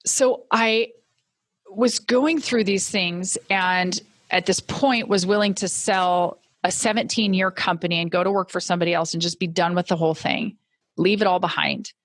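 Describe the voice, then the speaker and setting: A middle-aged woman hosting a podcast, telling her own story in an earnest, reflective way and slowing down on key words. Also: lowish voice, no echo. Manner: earnest and reflective, slows down for emphasis. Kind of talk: personal storytelling monologue.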